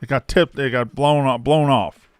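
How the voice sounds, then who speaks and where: Guy cohost, smooth clear voice, bragging stories, dry sound. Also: mid-range voice, steady tone, moderate pace, no echo. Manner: storytelling, playfully boastful. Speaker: podcast co-host. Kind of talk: casual chat.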